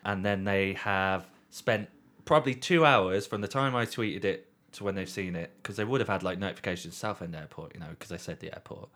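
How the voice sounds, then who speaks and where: A man in a casual podcast chat, telling a long story with swearing and deadpan readings. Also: sits low, brisk.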